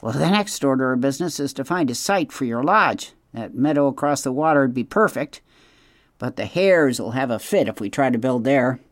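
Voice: mid-range voice, animated, moderate pace, no echo, studio quality, close to an everyday voice. A reader voicing a busy, fussy male beaver builder who talks in a chatty, bossy way in an audiobook. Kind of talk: audiobook character voice.

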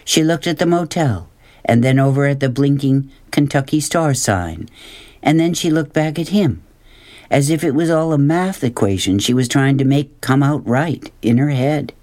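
Man narrator for an audiobook: measured, unhurried storytelling, plain reading voice. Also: medium pitch, lively intonation, a little mellow. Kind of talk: scripted narration.

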